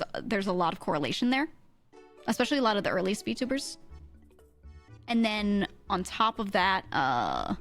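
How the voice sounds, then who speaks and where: A woman streamer, chatting fast and casually with her chat, swearing freely and laughing often, in a mid-to-low register. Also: a bit bright.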